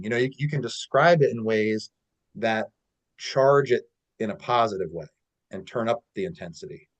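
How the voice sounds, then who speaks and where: A man coaching on a casual call, telling stories with a relaxed manner and lots of "like" and "you know". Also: on the low side, moderate pace. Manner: relaxed storytelling with many fillers. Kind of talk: casual teaching talk.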